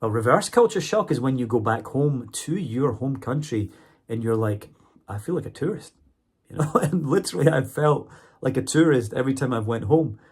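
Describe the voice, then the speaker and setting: A man's voice: mid-range voice, lively intonation, normal speed, a little mellow, husky. A man talking casually to his viewers in a vlog, chatty, often checking in with "okay?" and "right?". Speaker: vlogger and English teacher.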